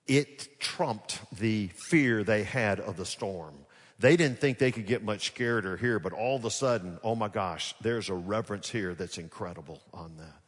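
A man preaching a sermon as pastor, moving from hushed, soft passages to loud, animated bursts where he acts out scenes. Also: lowish voice, husky. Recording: long hall reverb.

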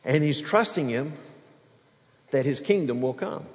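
Animated male preacher in a reverberant hall. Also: fairly high pitch, measured pace. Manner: animated preaching, acts out quoted speech, laughs with the crowd. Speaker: pastor. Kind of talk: sermon.

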